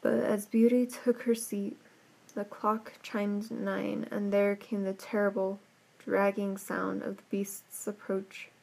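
A slow, soft-spoken woman reading a fairy tale. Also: mid-range voice, level tone, vocal fry. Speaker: storyteller. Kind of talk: storybook read-aloud narration.

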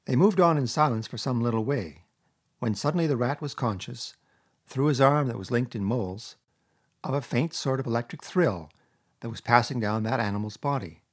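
Husky-voiced man narrating a storybook. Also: medium pitch. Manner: measured, expressive reading. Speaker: audiobook narrator.

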